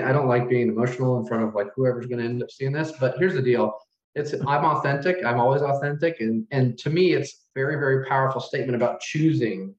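A middle-aged man tells a heartfelt story in an interview, halting over his words as the emotion catches him. His voice sits at an ordinary pitch, and a roomy echo and a muffled, lo-fi tone hang over the recording. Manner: earnest, halting, with many restarts and fillers. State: emotional, close to tears. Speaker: hotel manager, guest. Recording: roomy, dull lo-fi sound.

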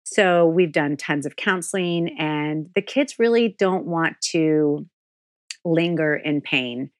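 A woman's voice: deep voice, slow, no echo, clean studio sound. A woman in her forties, a guest in a candid podcast interview, talking frankly and with animation and swearing freely.

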